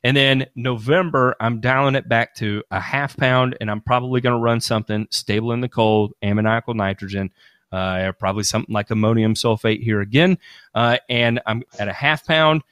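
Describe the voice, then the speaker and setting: A man at mid pitch talks through his ideas in a loose, rambling way, circling back and restarting his sentences as he goes. He sounds like a podcast host in casual expert chat. The sound is close and dry. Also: moderate pace, a bit bright, clean tone, dry recording. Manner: rambling, restarts a lot, hands-on explainer.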